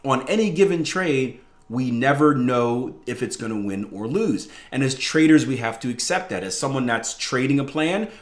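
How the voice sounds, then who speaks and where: A man hosting a trading coach podcast, telling stories in a casual, animated way and often tagging his sentences with "right?". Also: a little high. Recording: roomy echo.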